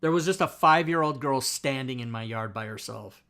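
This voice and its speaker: A man hosting a casual livestream, telling a story in an animated, profane way with frequent laughter. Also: mid-range voice, moderate pace. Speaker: host.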